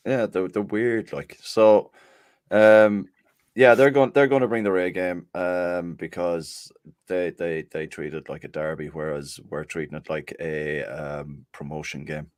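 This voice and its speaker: A man's voice: low voice, level tone, a little slow, a little mellow, dry recording, clean studio sound. A man guesting on a casual football podcast, laid-back and casually sweary, at times reading out notices.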